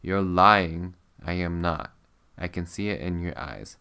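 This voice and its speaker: Man voicing a menacing scarred stranger, loud and deep. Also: animated, moderate pace, vocal fry, clear, resonant tone. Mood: angry, pressing. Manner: louder, pressing, demanding. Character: menacing scarred adult man, angry and desperate.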